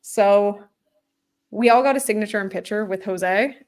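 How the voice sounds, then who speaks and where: A woman's voice: medium pitch, normal speed. A Canadian woman talks with a guest on a casual podcast. She is bubbly and chatty, and she drops "like" all through her sentences. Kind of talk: casual chat.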